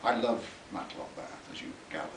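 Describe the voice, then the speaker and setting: A man's voice: sits low, moderate pace, very noisy. A man, an author, reading from his book in a theatrical way and adding spoken asides at a library talk. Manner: theatrical, relishing words, chuckling at his own lines. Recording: echoey room, mic far off.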